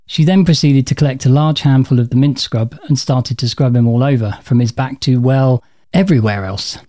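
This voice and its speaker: A man's voice: mid-range voice, normal speed, dark tone. A man narrating a personal anecdote with dry, wry understatement. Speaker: storyteller.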